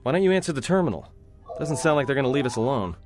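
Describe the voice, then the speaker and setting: A man's voice: mid-range voice, big pitch swings, racing, over music, natural voice. A man voicing a wry, restless young male spacer who talks with sarcasm.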